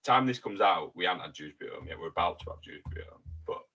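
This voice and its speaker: A man co-hosting a casual sports podcast, excitable and quick to swear when riled up. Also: low-pitched, dull audio. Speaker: podcast co-host. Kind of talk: casual chat.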